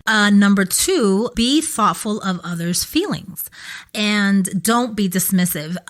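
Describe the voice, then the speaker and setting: A woman's voice: medium pitch, lively intonation, takes it slowly. Earnest woman podcast host telling a story. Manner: earnest, storytelling, acts out quoted voices. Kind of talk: casual chat. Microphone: podcast microphone.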